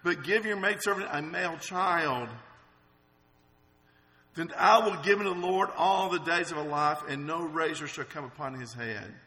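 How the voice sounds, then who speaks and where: A male preacher reading as a grieving young woman crying out to God, slow, solemn and pleading. The voice rings through a large hall with a long reverb tail. It sits a little high for a man. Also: sharp tone. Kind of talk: sermon with read-out scripture.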